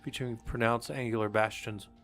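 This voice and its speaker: A man's voice: medium pitch, fairly even intonation, a little fast, over music. A man reading research papers aloud on a live stream and commenting casually between passages, with fillers and restarts. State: coughing, hiccups.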